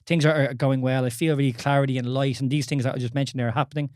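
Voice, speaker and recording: A man's voice: mid-range voice, fairly even intonation, very fast, a little mellow, no room sound, studio quality. A man in his thirties with an Irish accent, co-hosting a casual podcast, candid and swearing often with many restarts. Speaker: podcast co-host.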